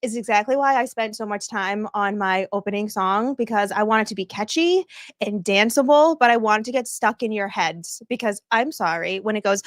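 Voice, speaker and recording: A woman's voice: medium pitch, normal speed, no room sound, studio quality. A woman hosting a casual livestream, bubbly and chatty, greeting viewers by name and laughing often. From northeastern United States. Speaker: livestream host.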